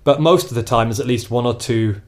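A man hosts a relaxed podcast conversation in a medium-pitched voice. He rambles a little as he goes and pokes fun at himself. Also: fairly quick. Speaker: podcast host. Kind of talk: casual podcast chat.

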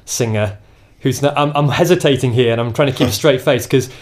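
A man hosts a relaxed podcast conversation in a medium-pitched voice. He rambles a little as he goes and pokes fun at himself. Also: a little fast. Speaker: podcast host. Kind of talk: casual podcast chat.

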